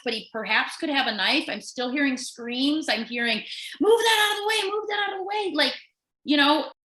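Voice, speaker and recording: Bright, animated woman telling a story. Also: fairly high pitch, roomy sound, poor audio. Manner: animated storyteller who acts out quoted voices. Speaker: nurse and podcast co-host. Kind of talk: casual storytelling.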